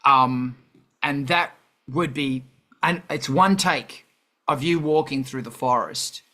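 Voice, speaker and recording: Bright-voiced man rambling on a livestream. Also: mid-range voice, slow. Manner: rambling, animated, many fillers and restarts. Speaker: host. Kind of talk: casual livestream chat.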